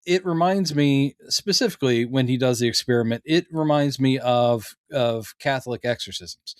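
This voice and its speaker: This studio-quality clip, free of room sound, features a man of medium pitch at a moderate pace. As a podcast co-host, he casually discusses a TV episode, animatedly acting out what the characters say.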